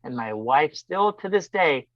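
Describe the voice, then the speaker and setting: A man telling a personal story as a podcast guest, animated and acting out voices. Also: fairly high pitch, a little slow, no room sound. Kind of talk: casual storytelling. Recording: dull dry lo-fi sound.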